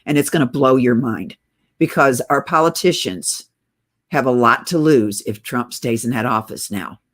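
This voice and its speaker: A political vlogger in middle age, on oxygen and short of breath, urgently rants to camera in a casual, conspiratorial way, calling her viewers guys. Her pitch is extremely low and her speed normal.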